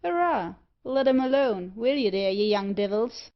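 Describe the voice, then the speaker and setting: A woman's voice: on the high side, expressive, normal speed, muffled recording. A woman reading aloud, voicing a good-natured Irish laboring man with an Irish accent. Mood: hearty. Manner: hearty, placating.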